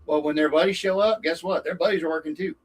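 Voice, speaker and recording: A middle-aged man, a racing dad, chatting as an interview guest and telling animated stories with acted-out quotes. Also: a little high, fast, husky, low-quality recording. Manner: animated storyteller acting out quotes. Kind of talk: casual interview chat.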